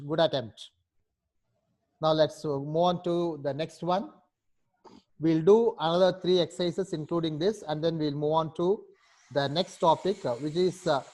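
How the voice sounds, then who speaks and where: A man's voice: fairly high pitch, darkish tone. A man, teaching a class. He explains patiently and step by step. He keeps checking in with his students by asking "right?". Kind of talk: online class instruction.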